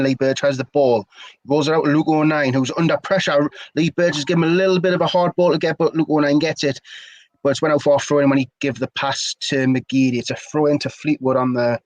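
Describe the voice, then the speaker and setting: A young man giving play-by-play commentary of a football match for a fan stream, talking loosely and steadily. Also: on the high side.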